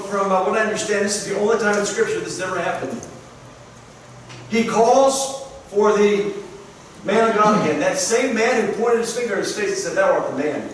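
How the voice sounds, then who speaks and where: High-pitched preacher man telling a bible story, earnest, far off mic, lots of echo. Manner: earnest storytelling, emphatic repetition. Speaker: pastor. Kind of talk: sermon. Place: church sanctuary. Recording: echoey church, distant mic, faint hiss.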